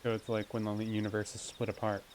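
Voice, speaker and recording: A man's voice: lowish voice, completely flat delivery, fast talker, background noise. A man streaming a game live, musing aloud in a rambling, casual way. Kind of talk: casual live gameplay commentary. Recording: soft mic under loud game music.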